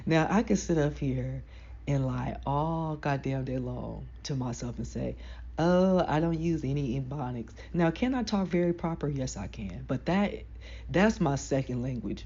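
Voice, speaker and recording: A woman with a deep voice giving casual, frank motivational advice to camera. She talks emphatically, in slang. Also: mellow, slightly rough, muffled recording. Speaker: self-help vlogger.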